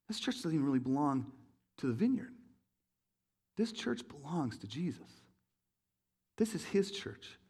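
A man, a pastor with young kids, preaching a sermon in his church, acting out quoted voices and joking with the congregation. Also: a little high. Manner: animated, acts out quoted voices, jokes with the congregation.

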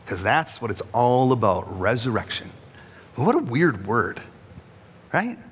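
Male preacher, mid-pitched, casual and jokey, in a hall with a long echo. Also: sing-song, unhurried, slightly rough. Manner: conversational and humorous, with frequent rhetorical "right?". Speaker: pastor. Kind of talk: sermon.

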